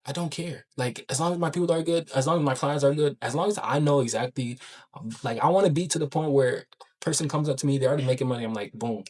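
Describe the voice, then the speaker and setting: A man talking in a casual daily vlog about his coaching work, excited and rambling, full of slang and filler words. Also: fairly high pitch, fast talker. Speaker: online business coach.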